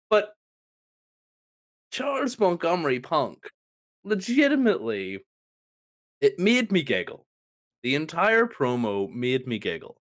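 Animated, exasperated male podcast co-host. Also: fairly high pitch. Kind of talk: heated opinion rant.

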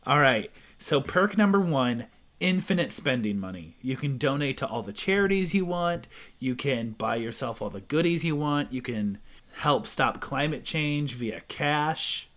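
A man's voice: mid-range voice, animated, measured pace, a bit bright. A man co-hosting a casual comedic chat, playfully building on his partner's jokes and laughing often.

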